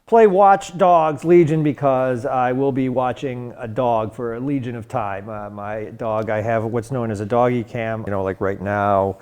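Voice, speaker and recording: A man on a comedy panel, rambling in a mock-serious, deadpan way with lots of fillers. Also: medium pitch, unhurried, few pauses, clean tone. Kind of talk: deadpan absurd comedy chat.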